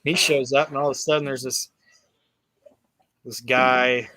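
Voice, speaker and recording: A man's voice: medium pitch, a little slow, a little hiss or hum. A man talking casually about a wrestling match he watched, rambling and swearing, with many fillers and restarts. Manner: rambling, profane, animated storytelling with many fillers. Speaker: podcast host recapping wrestling. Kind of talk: casual chat.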